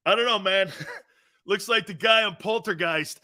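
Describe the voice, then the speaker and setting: A man hosting a sports talk show, loud and jokey, often breaking into laughter. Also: high voice, a little slow.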